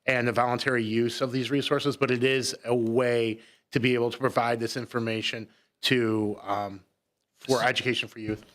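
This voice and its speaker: A man's voice: mid-range voice, little pitch movement, normal speed, a bit bright. A man speaking as a guest in a radio studio, earnest and explanatory, often restarting his sentences. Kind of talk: radio talk show conversation.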